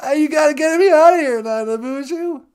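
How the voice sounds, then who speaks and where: A man's voice: very high-pitched, slow, pitched above the performer's own voice, heavily acted. A man voicing a melodramatic, weepy jailed man who pleads and whines through tears. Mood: tearful pleading. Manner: sobbing, pleading, self-pitying.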